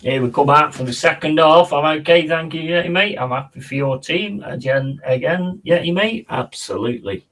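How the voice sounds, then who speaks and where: A man chatting excitedly and casually as he hosts a live football watch-along stream. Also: fairly high pitch, moderate pace, hardly any pauses, rough recording.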